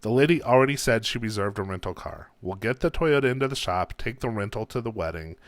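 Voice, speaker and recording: A man's voice: fairly low pitch, lively intonation, quick pace, no room sound, natural voice. A man voicing a playful, overconfident young husband who bluffs and bargains in banter. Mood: patient.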